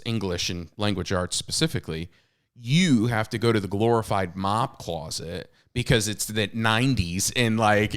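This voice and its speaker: This podcast co-host and author, a man in his thirties, has a fairly low pitch with a fairly bright tone. His casual talk runs on candid, self-deprecating stories, with lots of fillers and false starts.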